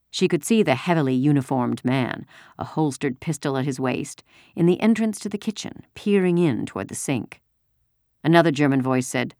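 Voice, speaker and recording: A woman narrating a story in a steady, measured reading. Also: a bass voice, no room sound, studio quality.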